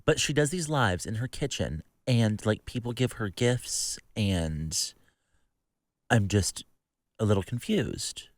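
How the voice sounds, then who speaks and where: Low-voiced man with wry podcast asides. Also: lively intonation, takes it slowly, no echo. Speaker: podcast co-host. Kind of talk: casual chat.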